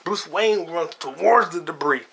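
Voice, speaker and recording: A man's voice: a little high, measured pace, vocal fry, bright, forceful tone. A man hosting a podcast, retelling a film in a rambling, profane, slang-heavy casual chat. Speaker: podcast host. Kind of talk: casual movie review chat.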